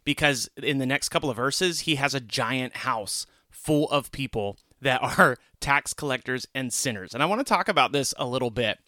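An earnest man co-hosting a casual Bible discussion, his voice bright and pressing. He sits close to the mic in a dead, dry space and grows animated as he retells the story. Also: medium pitch, moderate pace, hardly any pauses, dry recording. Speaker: podcast co-host.

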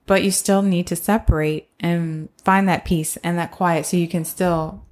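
A woman with a somewhat low voice co-hosts a relaxed faith conversation. She explains her points earnestly and patiently. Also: unhurried. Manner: earnest, explanatory, acts out little quotes. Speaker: podcast co-host.

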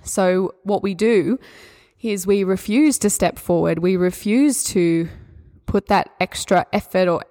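An Australian woman hosting a solo mindset podcast, talking in a gentle, encouraging, spiritual way. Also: medium pitch, measured pace. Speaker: podcast host and mindset coach.

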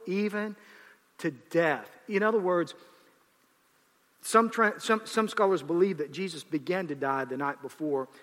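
Fervent high-voiced male preacher. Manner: impassioned, rising to fervent exhortation. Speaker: pastor. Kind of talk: sermon. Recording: long hall reverb.

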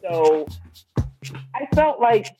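A woman talking on a podcast in casual chat, excitable and dramatic, telling stories in an animated way. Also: medium pitch, very slow, dull audio, music in the background. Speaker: podcast guest.

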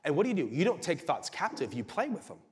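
A male pastor preaching a sermon with animated delivery that rises to shouts. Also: fairly high pitch, quick pace. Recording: reverberant hall.

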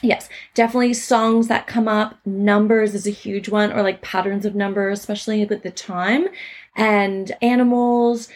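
A woman's voice: medium pitch, fairly even intonation, moderate pace. A young woman from Canada hosting a podcast, telling personal stories in an earnest, chatty way with lots of "like" and "um". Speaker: podcast host. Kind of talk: personal storytelling chat.

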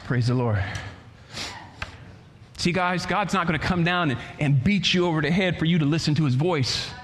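Male pastor, fairly high voice, fervent sermon delivery in a reverberant church hall. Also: a little fast, fairly bright tone. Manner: preaching with swells of volume and stretched phrases.

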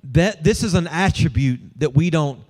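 High-voiced preacher with a lilt. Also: male voice, animated, normal speed, darkish tone. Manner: conversational, humorous, engages the congregation. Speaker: pastor. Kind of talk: sermon.

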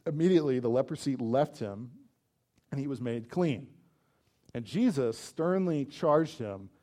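This pastor speaks at a measured pace in a medium-pitched voice. His preaching feels like conversation, sprinkled with "like" and punctuated by energetic stress on key points.

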